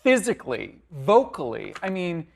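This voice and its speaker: A man's voice: a little high, wildly swooping pitch, normal speed, creaky, slight background noise. A man hosting an arts interview, asking friendly, admiring questions with enthusiasm.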